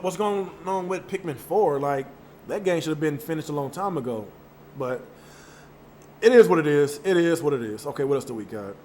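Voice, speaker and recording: A man's voice: a little high, a little mellow, a little hiss or hum. A man hosting a gaming channel, chatting casually with his viewers in a loose, emphatic way, with repeated words and mild cursing. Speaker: gaming channel host reading viewer chat. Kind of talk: casual live-stream chat.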